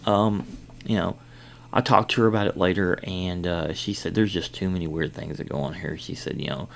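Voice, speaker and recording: Middle-aged male podcast host, low gravelly voice, rambling storyteller. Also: fairly even intonation, moderate pace, slight background noise. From Kentucky. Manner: rambling, many fillers and retold dialogue. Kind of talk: casual storytelling.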